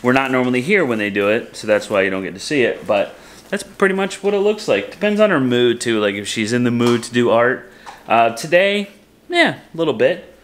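Recorded at home in low quality, this casual vlog has a dad coaching his daughter's painting with short cues he keeps repeating cheerfully. He sounds expressive and brisk, with a medium pitch.

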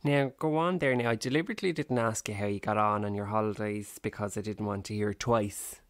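A man's voice: on the low side, brisk, no echo. A man with an Irish accent, co-hosting a podcast in casual chat with dry, teasing banter. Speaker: podcast co-host.

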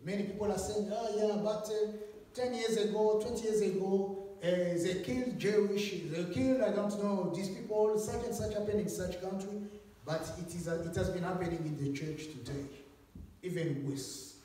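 A man preaching a sermon in a church hall, swinging between loud animated passages and hushed ones. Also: high voice, normal speed. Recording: echoey church hall, mic from far off.

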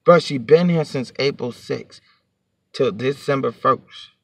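A man's voice: medium pitch, a little slow, gravelly, no echo. A man telling a storytime to his vlog audience in a heated, profane, rambling rant, sitting a bit back from the mic.

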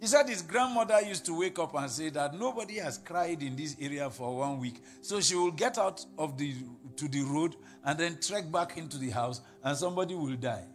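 A Nigerian pastor preaching a sermon, telling stories and quoting people in put-on voices, building to laughing shouts. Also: male voice, a little high, animated, normal speed, few pauses, faint music behind.

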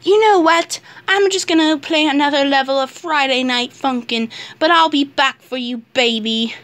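Dobby, squeaky excitable house elf, voiced by a woman. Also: moderate pace. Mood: scheming. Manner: speaks of himself in third person. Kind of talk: plush toy skit.

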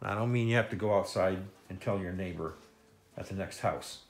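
A man with a low-sitting voice and a brisk pace teaches kids to draw step by step. He's a playful, jokey children's drawing instructor who throws in silly sound effects.

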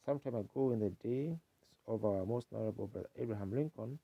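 A man's voice: on the low side, fast, husky, no echo. A man preaching a sermon in a folksy, earnest storytelling manner, on a dull 1950s tape.

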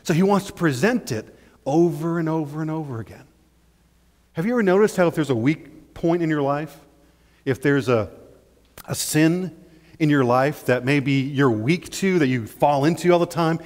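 A male pastor preaching a sermon in an animated way, acting out little scenes and often checking in with "right?". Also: fairly high pitch, normal speed. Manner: animated, acts out scenes, keeps asking "right?". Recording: long church-hall reverb.

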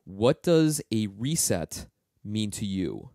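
Chill podcast host guy, lowish voice, dry close sound. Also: very animated, takes it slowly, vocal fry, mellow, no room sound. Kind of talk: casual interview talk.

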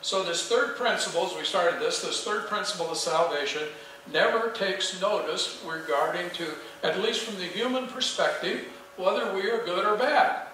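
A man's voice: high voice, normal speed, sharp tone, slight background noise. A man preaching a sermon as pastor, earnest and emphatic, asking the congregation questions. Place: small church sanctuary. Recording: echoey church heard from a distance.

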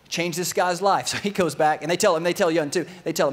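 A man delivers a sermon with animated, story-driven energy, his voice sitting a little higher than most. He leans in and out of the story, slipping into the voices of its characters before coming back to speak straight to his congregation. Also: quick pace, few pauses. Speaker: pastor.

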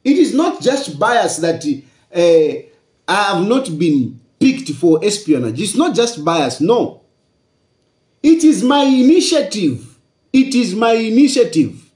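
A Zambian man talks politics straight to his viewers, pressing each point again and again with rhetorical questions. His voice sits high and swings widely in pitch. The room around him is echoey. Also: big pitch swings, slow, a little mellow. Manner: repetitive, emphatic, asks rhetorical questions. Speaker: political commentator. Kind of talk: casual political commentary.

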